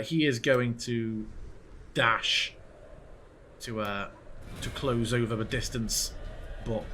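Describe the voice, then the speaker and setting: A man with a bright, forceful voice runs a tabletop game, narrating monster moves and cueing players in a relaxed, loose way. Faint music plays under him. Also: medium pitch. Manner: relaxed, swears casually while narrating. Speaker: game master.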